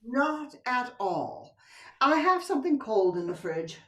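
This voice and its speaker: An older stage actor voices a middle-aged wife, coy, teasing, soothing, and unfaithful, in a play read over video call, occasionally slipping into a whisper. Her slightly high voice is sing-song and fairly bright, slow, and heavily acted. She's recorded a little far from the mic.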